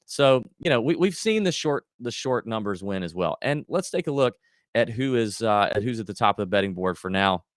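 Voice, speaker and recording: A man's voice: on the low side, animated, a little fast, no echo, studio quality. A man hosting a golf betting livestream, chatting casually and thinking aloud with lots of fillers and restarts. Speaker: golf betting podcast host.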